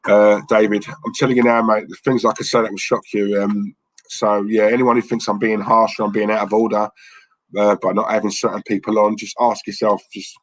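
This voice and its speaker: This livestream host speaks briskly in a lowish, flat voice, rambling and blunt as he goes through messages from viewers. The recording is dry and rough.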